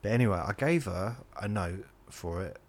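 A man with a very low, gravelly voice rambles through a comic monologue. He drops self-deprecating, deadpan asides as he goes. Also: normal speed. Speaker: comedian and podcast host.

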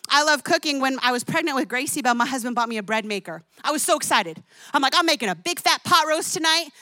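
A woman's voice: sits high, bright, forceful tone, dry recording. A woman in her thirties preaching a sermon, telling stories with emphatic, exclamatory delivery. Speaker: pastor.

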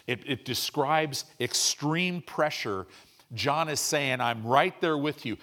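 A man's voice: medium pitch, fairly bright tone. A man pastor preaching a sermon, asking his congregation questions and building to emphatic peaks.

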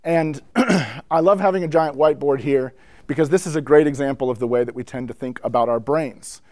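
A man giving a conversational teaching talk to church musicians, telling stories with lots of asides and building the excitement as he goes. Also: mid-range voice, a little fast, no echo. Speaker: speaker addressing church musicians. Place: indoor room with a whiteboard.

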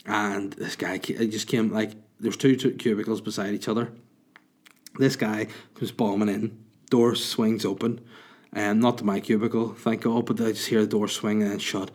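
A man's voice: lowish voice, fairly even intonation, normal speed, darkish tone. Rambling, crude man hosting a podcast. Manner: rambling, crude, self-mocking storytelling. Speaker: podcast host and comedian. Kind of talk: casual comedic podcast chat.

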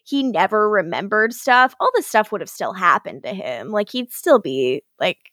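A woman's voice: mid-range voice, very animated, normal speed, fairly bright tone, dry recording, clean studio sound. A woman co-hosting a podcast, chatting casually and laughing often as she recaps a show and acts out characters' lines. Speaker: podcast co-host.

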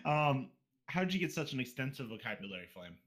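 A man's voice: medium pitch, big pitch swings, fast, a bit bright. A man hosting a casual podcast, reading listener questions in a teasing, crude manner.

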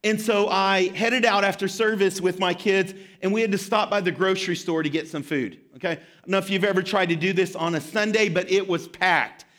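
A man in his thirties preaching a sermon as pastor, telling a story with animated, self-deprecating humor. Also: high-pitched, a little fast, hardly any pauses.

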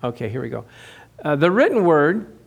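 High-voiced conversational male pastor. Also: very animated, moderate pace, vocal fry, husky. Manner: conversational preaching with rhetorical questions; repeats and restarts phrases. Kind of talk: sermon.

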